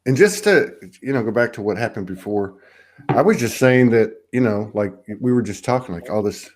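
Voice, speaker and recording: Rambling lower-voiced male host. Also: lively intonation, normal speed, a little mellow. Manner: rambling, reflective, many restarts. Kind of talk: casual live online chat.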